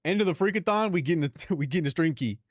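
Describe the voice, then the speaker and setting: Young filipino guy streaming from home, cussing and laughing with chat, fairly high voice, dead dry mic. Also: expressive, fast, no echo. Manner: loose, profane, laughing banter with chat. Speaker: live streamer.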